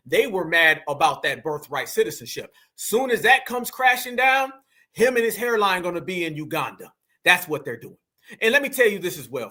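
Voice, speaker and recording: A man's voice: high voice, sharp tone. A man hosting an online commentary, talking preachily and addressing viewers as family. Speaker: commentary host.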